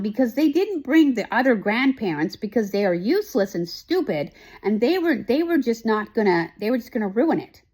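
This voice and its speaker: A woman talks through a TV show she has been watching, in a loose, casual way. She rambles and restarts often, and her voice sits in a middle pitch. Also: darkish tone. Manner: emotional, rambling, many fillers and restarts. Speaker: host. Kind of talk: casual chat, recapping a TV show.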